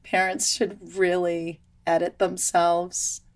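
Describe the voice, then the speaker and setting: Speaking slowly in an easy, casual conversation, a woman whose voice is slightly low tells animated, chatty stories. She works as a children's yoga teacher.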